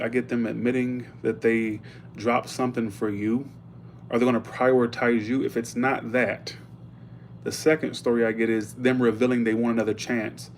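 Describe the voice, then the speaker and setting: A man's voice: mid-range voice, a little mellow, a little hiss or hum. A man giving a casual live tarot reading, chatty and blunt, stopping often to thank viewers for tips. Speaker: tarot reader.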